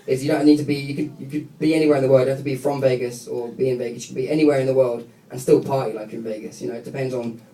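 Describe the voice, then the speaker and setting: A man's voice: medium pitch, steady tone, racing, dark tone. A young British man, a guest singer, chatting and joking through a casual fan Q&A in a radio studio. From Britain. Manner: chatty, giggly, jokey. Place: radio studio room with a live audience. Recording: echoey room, distant mic, crowd noise.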